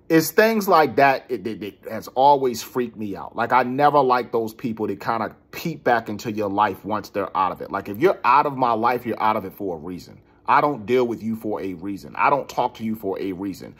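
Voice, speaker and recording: A man in his forties with a husky, slightly rough voice tells a personal story in a loose, conversational way. His pitch swings widely as he gets worked up, and he trips over and repeats words. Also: fairly bright tone.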